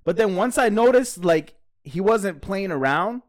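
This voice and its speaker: A man's voice: sits high, unhurried. A man co-hosting a podcast, telling a story in casual, profane chat. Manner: animated, profane, laughs while telling a story. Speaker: podcast co-host.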